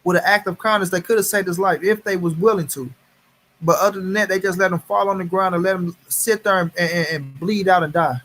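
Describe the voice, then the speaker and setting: A man's voice: high voice, steady tone, fast, a bit bright, soft background music. Heated, profane man venting on a livestream. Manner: heated, profane, repeats phrases for emphasis; greets viewers in chat by name. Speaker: livestream host. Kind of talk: angry casual livestream commentary.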